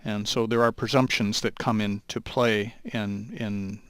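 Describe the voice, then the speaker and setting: Low-voiced man explaining law haltingly. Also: steady tone, a bit bright, clean tone, dry recording. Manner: thoughtful, halting, with many restarts. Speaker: lawyer guest. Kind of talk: explaining law on a talk show.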